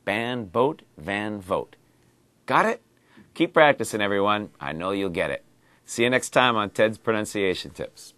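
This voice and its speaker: A man teaching a pronunciation lesson, clearly drilling sounds and words with deliberate repetition. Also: fairly low pitch, big pitch swings, bright, forceful tone, dry recording. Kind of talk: slow, exaggerated pronunciation lesson.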